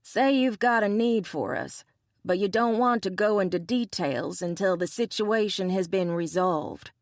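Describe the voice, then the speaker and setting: A woman's voice: mid-range voice, measured pace, dry recording, studio quality, close to an everyday voice. A woman voicing a confident young mercenary bodyguard, lifting her voice above her narration.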